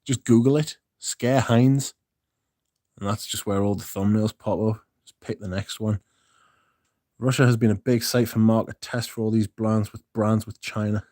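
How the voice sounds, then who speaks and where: A man's voice: fairly low pitch, fairly even intonation, moderate pace, mellow, dry recording, studio quality. A man hosting a livestream, chatting casually with viewers in a blunt, sweary, rambling way. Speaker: livestream host reading viewer chat.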